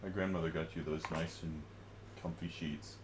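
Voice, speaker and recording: A man's voice: very deep voice, fairly even intonation, moderate pace, noisy background. A man streaming from home, trading wry, teasing banter with a friend. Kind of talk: casual banter.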